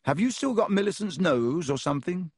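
Man voicing a teenage boy wizard, eager, urgent, raised higher voice. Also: expressive, fairly quick, a little mellow, husky, dry recording, studio quality, heavily acted.

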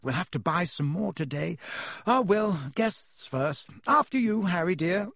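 A man's voice: sits high, animated, a little slow, vocal fry, fairly bright tone, dry recording, clean studio sound, full character voice. A man voicing a fussing, kindly middle-aged witch mother who frets over the children in an anxious, motherly way.

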